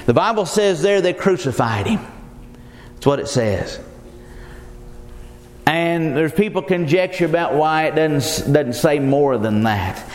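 A man's voice: on the high side, lively intonation, unhurried, long pauses. A man preaching a sermon as pastor, pressing his point with repeated rhetorical questions and calling the listeners his friends. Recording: echoey hall with long reverb.

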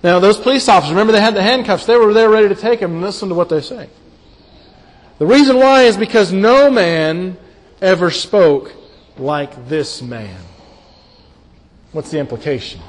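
Earnest high-voiced preacher in a reverberant hall. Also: male voice, expressive, fast. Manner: earnest, emphatic, dips quiet for stress. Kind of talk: sermon, Bible exposition.

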